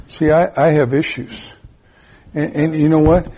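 A man preaching a sermon, emphatic and repetitive, with sudden high-pitched rises. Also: steady tone, a little slow, dark tone, dull audio, slight background noise. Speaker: pastor.

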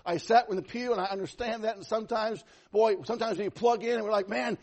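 High-voiced husky preacher man. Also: fast. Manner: animated, swings from loud to soft; conversational, self-deprecating humor. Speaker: pastor. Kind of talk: sermon.

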